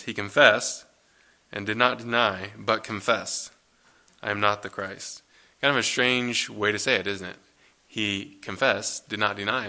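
A man preaching a conversational sermon, reading scripture aloud and then explaining it in a relaxed way with fillers. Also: lowish voice.

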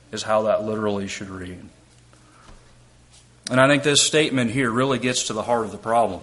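A man's voice: lowish voice, moderate pace, a bit bright. A man preaching an expository sermon. He reads scripture aloud and explains it step by step, asking rhetorical questions. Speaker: preacher and Bible teacher.

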